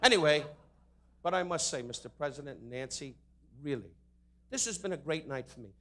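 A man at a benefit dinner in a hotel ballroom, delivering an insult comedy roast in rapid jabs and mock-sincere asides into a podium microphone. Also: a little high, lively intonation, sharp tone. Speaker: comedian roasting the guest of honor.

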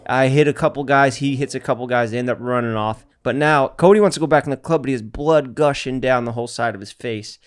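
A man hosting a podcast, telling stories in a relaxed, profane way and laughing often. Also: medium pitch, fast, few pauses, clean tone. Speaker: podcast host. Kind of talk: casual storytelling chat.

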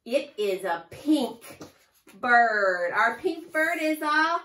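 A woman teaching a preschool lesson to young children, with a slow, sing-song and exaggerated teacher delivery. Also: fairly high pitch, big pitch swings, bright, forceful tone. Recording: echoey room, far from mic.

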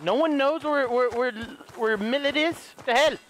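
A young man giving excitable, goofy let's play commentary, swearing often. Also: extremely high pitch, normal speed, slight background noise. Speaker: gaming YouTuber.

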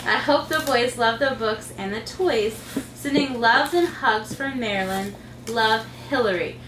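This woman, a mom running a channel, speaks a little slowly in a voice on the high side as she unboxes something casually and uses sing-song baby talk with her little kids. Background noise, faint ambience and echo from the room come through the far-off mic.

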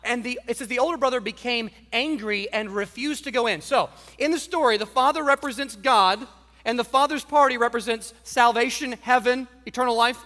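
A man's voice: very high voice, brisk, pushed and bright, long reverb tail. A man preaching a sermon in a conversational, emphatic storytelling manner. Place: church.

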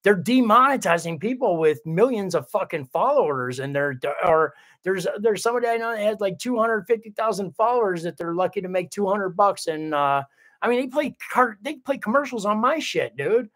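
Streamer type: a man with a slightly high voice, loose and profane, chats with his viewers and keeps restarting his thoughts. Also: lively intonation, normal speed, a bit bright. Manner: rambling, profane, full of restarts; reads viewer comments aloud. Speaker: livestream host reading viewer chat. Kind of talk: casual livestream chat.

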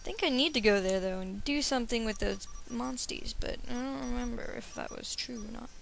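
A woman's voice: fairly high pitch, fairly quick, vocal fry, soft background music. A young woman giving casual, bubbly let's-play commentary from home, giggling and chatting to her cat. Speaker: let's player.

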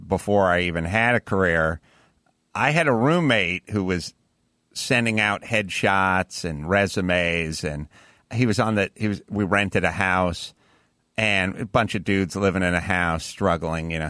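A man's voice: sits low, pushed and bright, no room sound, clean studio sound. A man hosting a podcast, telling rambling, profane anecdotes in casual chat. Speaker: podcast host.

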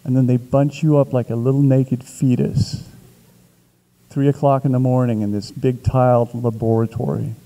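A man, an author at a Q&A, telling a long, vivid anecdote in a casual way with small restarts, slowing and building as the story grows. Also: medium pitch, flat delivery, mellow, rough recording. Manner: vivid, building storyteller who shifts pace for effect. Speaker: author answering a question.

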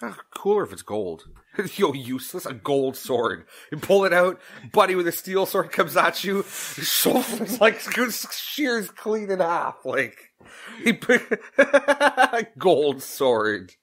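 A man's voice: sits high, big pitch swings, takes it slowly, a bit bright. A man narrating an audiobook, bantering casually between takes with crude jokes and frequent laughter. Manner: crude joking, laughing often.

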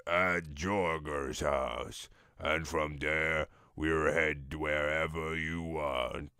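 A man voicing a scheming, theatrical young villain in a comic fanfic reading, with a slow, mock-menacing delivery. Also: very deep voice, steady tone, sharp tone, clean tone, no room sound, studio quality, voice pushed down, full character voice.

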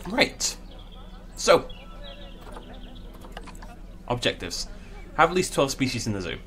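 A man's voice: medium pitch, sing-song, slow, a bit bright, slight background noise. A man giving casual, playful commentary while he plays a video game, full of jokey asides. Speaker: let's play host.

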